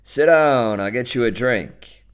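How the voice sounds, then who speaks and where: A man's voice: mid-range voice, unhurried, clean tone, close to an everyday voice. A man doing a pushy, curt lonely man. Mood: insistent. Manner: curt, insistent, coaxing. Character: balding lonely middle-aged man, pushy and blunt.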